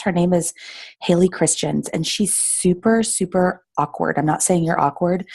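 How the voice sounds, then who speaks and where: A woman with a low, gravelly voice that has a husky, dark edge. She talks frankly and encouragingly on a casual team call, often filling gaps with "like" and "um". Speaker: fitness coach on a team call.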